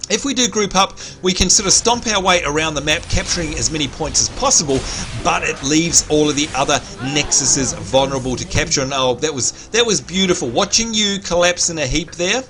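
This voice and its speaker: A man's voice: a little high, animated, fairly quick, background noise. An Australian man hosting a livestream and giving upbeat play-by-play commentary on a match he is playing, chatting to his viewers. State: slightly hoarse, clearing his throat. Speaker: livestream host and game commentator. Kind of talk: live gameplay commentary.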